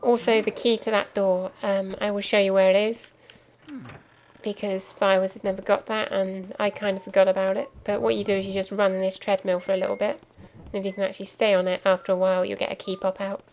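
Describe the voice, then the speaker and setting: Her medium-pitched voice is flat and fairly quick as this young woman gives casual let's play commentary, explaining things chattily with frequent ums and asides. The audio is poor, with slight background noise and game music playing clearly behind.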